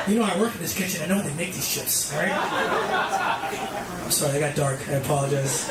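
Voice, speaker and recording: A man's voice: on the high side, very fast, heavy background noise. A man performing a live stand-up set with crowd work, talking in rambling, self-deprecating asides from a comedy club stage. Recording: echoey club audio from far off. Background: loud room ambience and audience.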